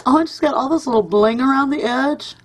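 A woman's voice: sits high, fairly quick, a little hiss or hum. A woman hosting a casual craft vlog at home, gushing and chatty with lots of ums and uhs. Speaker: crafting channel host.

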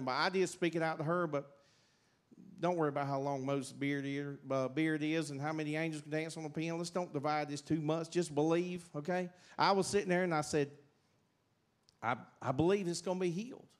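Speaking fairly quickly in a high-leaning voice with little pitch movement, a middle-aged Southern man from South Carolina offers a rambling testimony in church. He's folksy, with plenty of fillers and restarts, and he's in the sanctuary.

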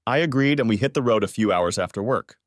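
A man narrates a first-person story in a steady, even read. His voice sits on the low side, and the recording is dry and close with no room sound. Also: fast, no room sound.

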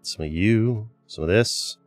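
A man's voice: on the low side, a little slow, dry recording, soft background music. A man hosting a gaming channel, giving casual gameplay commentary in a chatty way, with exasperated outbursts at his teammates. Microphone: desk microphone.

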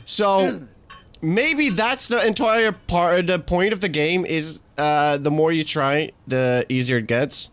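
A man hosting a let's play, commenting on his game and getting frustrated, swearing, talking himself down and shouting at the game. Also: fairly high pitch, takes it slowly. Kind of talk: gaming commentary.

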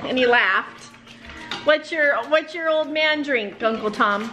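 A woman chats through a casual family vlog with a slightly high voice. She sounds proud of her kids and laughs easily. Faint music plays behind her. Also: slow pace. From Seattle area, USA. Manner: chatty, proud, laughing often. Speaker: vlogger mom.

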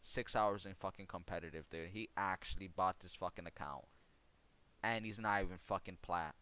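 A man's voice: sits low, moderate pace, pushed and bright, smooth. A young man streamer telling a sarcastic, heavily profane story about a gaming rival, mocking him throughout. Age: young adult. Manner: sarcastic, swears constantly.

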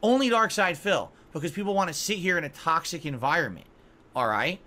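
A man's voice: fairly high pitch, lively intonation, a little fast, bright, forceful tone. A man in his forties, a gaming streamer, ranting defensively and scolding his audience on his podcast stream. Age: 40s.

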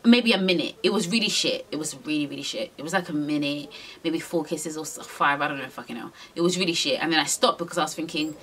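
A woman's voice: low-pitched, fast, a bit bright, a little hiss or hum. A young woman telling a frank, rambling storytime to camera, swearing freely and using lots of slang. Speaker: vlogger.

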